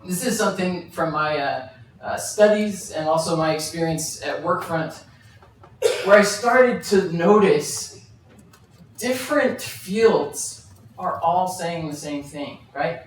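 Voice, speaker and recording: A man's voice: on the high side, lively intonation, takes it slowly, a little hiss or hum. Man giving a talk in an echoey hall. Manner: storytelling, frequent fillers and restarts. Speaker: conference speaker. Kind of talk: live presentation. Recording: very echoey hall, mic at a distance.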